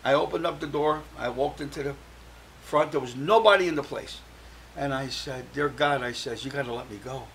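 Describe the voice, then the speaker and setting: A man's voice: mid-range voice, a little fast, vocal fry, fairly bright tone, slight background noise, low-quality recording. An older man, a guest on a talk show, telling his personal story and acting out the voices of the people he quotes.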